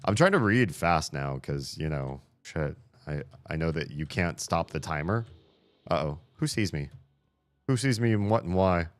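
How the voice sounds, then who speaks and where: A man playing a video game and commenting as he goes, excitable and jokey, reading in-game emails aloud. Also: deep voice, moderate pace, soft background music. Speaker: gaming streamer. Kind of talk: let's play commentary.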